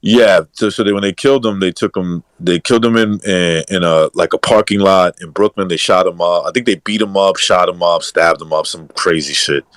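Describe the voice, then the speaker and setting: A man's voice: low-pitched, brisk, hardly any pauses, fairly bright tone, clear, resonant tone, dry recording. A man co-hosting a podcast, telling loose stories in casual chat and swearing casually.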